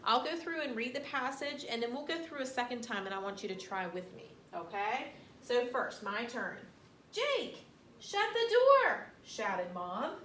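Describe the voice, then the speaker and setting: A woman teacher giving a phonics lesson to young children, sounding out each word slowly and carefully. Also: a little high, a bit bright. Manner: slow, sounding out words carefully. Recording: roomy room, distant mic, faint hiss.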